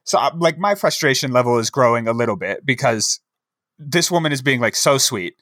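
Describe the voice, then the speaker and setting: A man's voice: mid-range voice, expressive, brisk, a bit bright, no room sound, clean studio sound. A man co-hosting a podcast, telling a rambling story in casual chat with lots of fillers and a wry tone. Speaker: podcast co-host.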